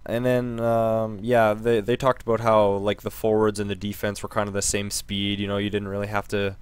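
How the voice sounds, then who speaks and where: A man hosting a gaming channel, giving a casual, rambling game news recap with lots of ums and restarts while slightly hoarse from losing his voice. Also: on the low side, level tone, normal speed, no room sound.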